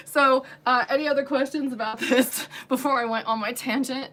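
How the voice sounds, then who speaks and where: Casual livestream host, a woman, high-ish and talkative, giggly. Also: steady tone, normal speed, hardly any pauses, background noise. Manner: chatty and giggly, many fillers. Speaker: wig reviewer and shop owner hosting a livestream. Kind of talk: casual livestream product chat.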